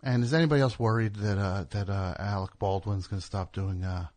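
A man's voice: lowish voice, fairly even intonation, a little fast, darkish tone. A man hosting a talk radio show, rambling through a sarcastic, mocking monologue. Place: radio studio.

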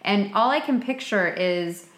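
A woman's voice: mid-range voice, expressive, measured pace, a bit bright. Woman podcast co-host, casual and chatty, drops swears, echoey room. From Massachusetts South Shore. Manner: chatty, quotes characters in put-on voices, swears. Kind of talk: casual chat.

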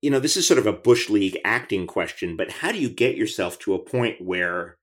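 Low-voiced male interviewer, chatty. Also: expressive, brisk. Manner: chatty, enthusiastic, many restarts. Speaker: podcast host. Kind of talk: conversational interview.

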